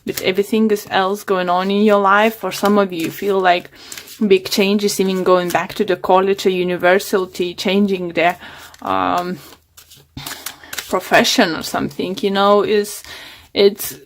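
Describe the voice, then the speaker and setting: Woman, tarot reader, fading hoarse voice, halting delivery, lots of ums. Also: medium pitch, level tone, a little hiss or hum. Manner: hesitant, many fillers and restarts. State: losing her voice. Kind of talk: casual tarot reading monologue.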